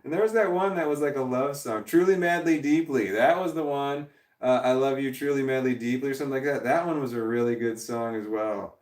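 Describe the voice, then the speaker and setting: A man's voice: mid-range voice, fairly quick, a little mellow. Rambling man live-streaming in an echoey room. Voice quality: voice cracks when tired. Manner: rambling, reads chat messages aloud and laughs often. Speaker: live-stream host reading chat. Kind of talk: casual live-stream chat. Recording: echoey room, distant from the mic.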